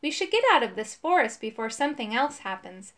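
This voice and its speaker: A woman voicing a gruff, grumbling male toad in a storybook reading. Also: fairly high pitch, big pitch swings, fairly quick, fairly bright tone.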